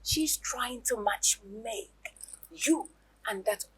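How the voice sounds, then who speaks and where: A Nigerian woman playing a jealous, dramatic girlfriend in a Nollywood film, loud and mocking. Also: fairly high pitch, expressive, slow, breathy edge, exaggerated voice. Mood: suspicious. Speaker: actress.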